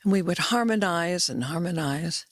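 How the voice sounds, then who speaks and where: A woman's voice: lowish voice, expressive, moderate pace, dry recording, studio quality. An older woman guest in a casual chat, playful and wandering, often restarting her sentences.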